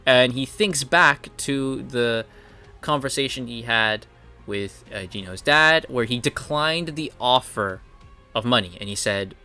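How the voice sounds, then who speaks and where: A man's voice: mid-range voice, unhurried, sharp tone, faint music behind. A man casually recapping comic chapters as a reviewer, retelling scenes by paraphrasing the characters and chuckling along. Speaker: manhwa reviewer.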